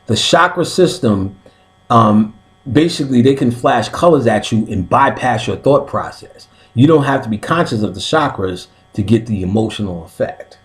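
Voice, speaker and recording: Loud, profane, laughing man. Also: moderate pace. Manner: loud, laughing, swings between high excited yelps and low mutters; swears constantly. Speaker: host of an occult class stream. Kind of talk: casual profane chat.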